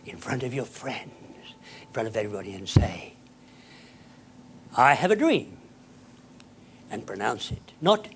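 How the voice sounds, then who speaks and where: A man's voice: mid-range voice, very animated, unhurried, long pauses, fairly bright tone, a little hiss or hum. A man giving a theatrical motivational keynote, emphatic and dropping at times to a whisper. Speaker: keynote speaker. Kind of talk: motivational speech.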